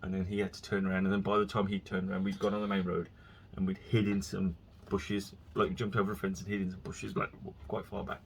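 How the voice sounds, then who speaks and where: A vlogger with a lowish, gravelly voice talks alone in a casual, rambling way, telling chatty stories and frequently starting his sentences over. He speaks quickly in a level tone with hardly any pauses, and a faint hiss runs beneath the recording.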